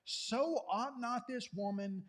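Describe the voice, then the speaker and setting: A man's voice: extremely high pitch, slow, pitched above the performer's own voice. A man voicing a firm male religious teacher who confronts a crowd with a pointed question. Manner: firm, raised, challenging.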